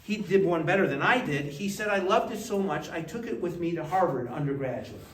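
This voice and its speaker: A man telling lively anecdotes in a casual gallery talk, acting out the people in his stories. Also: fairly quick. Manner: animated anecdotes, acts out voices with big pitch jumps. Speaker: art collector giving a gallery talk. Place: museum gallery. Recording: echoey gallery, distant mic, faint hiss.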